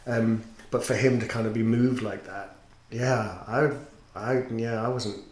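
A man's voice: mid-range voice, steady tone, a little slow. A man who teaches and sings, a guest in a casual interview, telling his story in an earnest, reflective way. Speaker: podcast guest, teacher and singer. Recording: roomy echo with faint noise.

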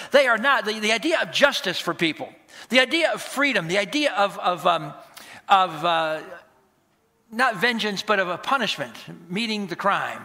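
High, bright-voiced preaching man. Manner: animated, emphatic, acts out dialogues. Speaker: pastor. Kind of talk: sermon.

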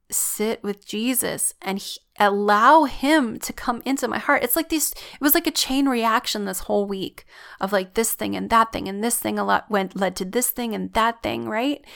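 A woman's voice: a little high, gravelly, fairly bright tone. A woman giving an earnest, reflective personal faith testimony.

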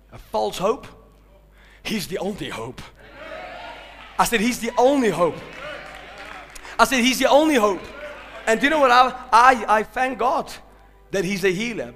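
A male pastor preaching a sermon, swinging from hushed, slow lines to loud shouted peaks, and calling out to the congregation. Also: sits high. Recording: long hall reverb.

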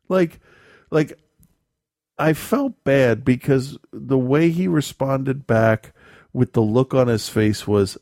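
A man's voice: mid-range voice, big pitch swings, takes it slowly, darkish tone, no echo, clean studio sound. A man chatting casually as a podcast host, telling a meandering story full of restarts and laughs. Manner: rambling storyteller, self-correcting, laughs often. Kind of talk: casual chat.

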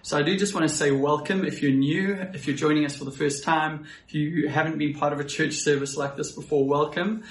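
A man's voice: on the high side, fairly even intonation, fairly quick, hardly any pauses, echoey room, slight background noise. A man with a South African accent preaching a friendly, conversational, self-deprecating sermon as a pastor.

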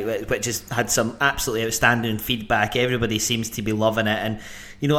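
A man hosts a football podcast in a loose, joking way. He talks at a middling pitch and keeps stopping and restarting his sentences. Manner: jokey, chatty, many restarts. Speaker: podcast host. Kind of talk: casual podcast chat.

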